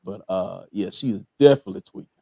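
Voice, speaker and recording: A man's voice: low voice, quick pace, vocal fry, mellow, slightly rough, no room sound, clean studio sound. A man with a Southern US accent, casually hosting a TV episode review, talking in a laid-back way with many fillers and chuckling at his own jokes. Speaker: podcast host reviewing a TV episode.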